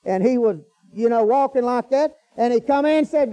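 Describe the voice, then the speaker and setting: A man's voice: very high-pitched, normal speed, few pauses, warm tone, dull audio. A middle-aged man preaching a storytelling sermon in a folksy, colloquial way, breaking into hallelujahs.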